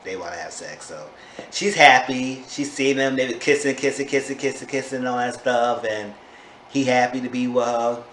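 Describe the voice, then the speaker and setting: A man in a casual vlog, recapping a reality show with gossipy commentary and sudden high-pitched bursts of disbelief. His voice sits at an ordinary middle pitch. The room is echoey, with a faint hiss of background noise. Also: moderate pace, fairly bright tone. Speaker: TV show reviewer.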